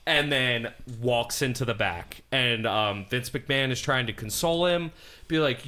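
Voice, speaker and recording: A man with an English Canadian accent co-hosting a podcast, telling stories in an animated way and laughing often. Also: medium pitch, a little slow. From Montreal, Canada. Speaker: podcast co-host. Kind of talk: casual chat.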